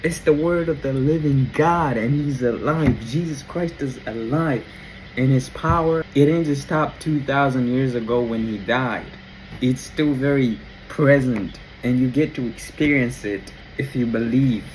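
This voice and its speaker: Excited man telling a faith story. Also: medium pitch, a little slow, a little hiss or hum, low-quality recording. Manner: wonder-struck, exclaiming. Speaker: Christian vlogger. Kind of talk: casual faith reflection.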